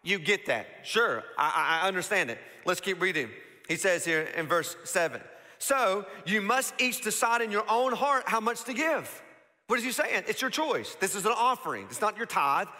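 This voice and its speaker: High, bright-voiced preaching man. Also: big pitch swings, moderate pace. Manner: conversational preaching with rhetorical questions; swings between emphatic and hushed delivery. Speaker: pastor. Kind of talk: sermon. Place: church auditorium. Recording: long church hall reverb.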